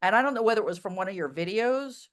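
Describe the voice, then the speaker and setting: A woman at a middle pitch talks frankly and lively in a casual interview. She tells anecdotes in a quick stream, loaded with fillers and restarts. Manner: blunt, animated storyteller with many "like" fillers. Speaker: interview guest.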